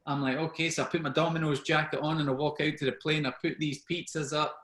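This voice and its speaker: Man telling animated war stories. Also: on the high side, quick pace, reverberant. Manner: animated, acts out dialogue in his anecdotes. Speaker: guest speaker, former special forces soldier. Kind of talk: anecdotal storytelling at an online networking event.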